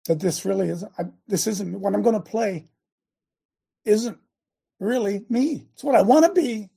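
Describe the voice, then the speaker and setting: A man hosting a talk show in a preachy, rambling rant. He swings from loud outbursts to low asides and restarts his sentences often. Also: normal speed, gravelly, breathy edge. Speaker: show host.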